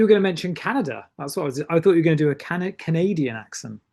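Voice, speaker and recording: A man's voice: fairly high pitch, expressive, very fast, vocal fry, a little mellow. A man co-hosting a casual film podcast, dry and understated. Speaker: podcast co-host.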